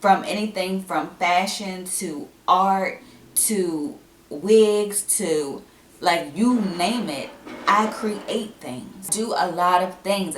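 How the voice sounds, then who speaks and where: A young woman, talking candidly to camera at home in a chatty, animated way. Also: fairly low pitch, a little hiss or hum. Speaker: vlogger. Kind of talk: casual vlog talk to camera. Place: at home indoors. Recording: echoey room, mic at a distance.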